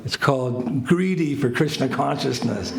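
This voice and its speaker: An older American man, a spiritual teacher, telling a lively story to a small group. He laughs and acts out phrases as he goes. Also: medium pitch, measured pace, vocal fry. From United States. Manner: animated anecdotes, laughs, acts out French phrases. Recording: echoey room with faint ambient noise.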